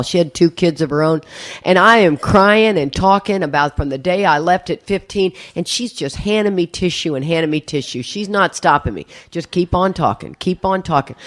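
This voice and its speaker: A middle-aged woman, speaking at a recovery meeting and telling a candid story to a live audience with self-mocking humor. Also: low-pitched. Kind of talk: personal testimony to a live audience.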